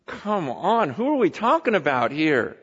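High-voiced man preaching in a big hall. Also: big pitch swings, measured pace, husky, muffled recording. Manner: impassioned preaching, swinging from loud pleading to hushed confession. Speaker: pastor. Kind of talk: sermon.

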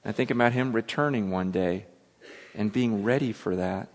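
A male pastor giving a conversational sermon that builds to loud, excited emphasis. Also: on the low side, moderate pace. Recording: long hall reverb.

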